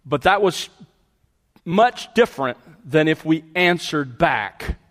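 A man's voice: fairly high pitch, animated, takes it slowly, a bit bright, big-room sound. A man preaching a verse-by-verse sermon, stressing key words and repeating phrases for emphasis. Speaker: pastor. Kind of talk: expository sermon.

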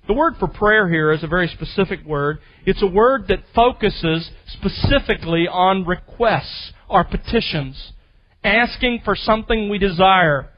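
A man preaching a teaching sermon, emphatic and teacherly, slowing down to stress key phrases. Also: high-pitched, animated, lo-fi sound. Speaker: pastor. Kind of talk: expository sermon.

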